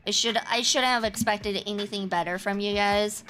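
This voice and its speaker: Woman streamer, bright forceful tone, casual teasing chat over soft background music. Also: medium pitch, steady tone, moderate pace. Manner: chatty, teasing and self-assured.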